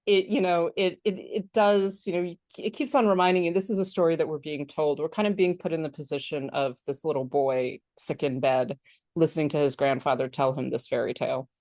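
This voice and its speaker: A woman co-hosting a film podcast in casual chat, animated and laughing often, acting out childish protests in a higher voice. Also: brisk, no echo, clean studio sound. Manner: frequent laughter and filler words. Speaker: podcast co-host.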